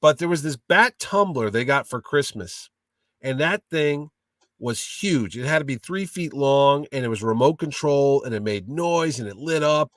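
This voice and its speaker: A man telling funny stories in a casual interview, an animated, jokey storyteller. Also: mid-range voice, normal speed, dry recording, far from the mic. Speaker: guest, comic con owner.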